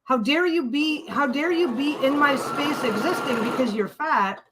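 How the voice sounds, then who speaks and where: There's background noise behind this high-pitched woman, who speaks at a moderate pace. As host of a relaxed sewing livestream, she rants in a blunt, foul-mouthed way.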